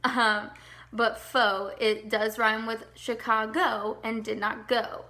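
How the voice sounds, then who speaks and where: A woman's voice: on the high side, level tone, takes it slowly, bright, forceful tone. A young woman teacher giving a recorded lesson to children, explaining step by step and checking in often.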